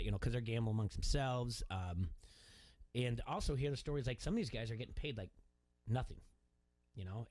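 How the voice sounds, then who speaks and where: A man hosting a sports talk radio show, telling a story in a loose, filler-heavy way. His voice sits at an ordinary male pitch. He sounds close and dry in the studio. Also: darkish tone, no echo.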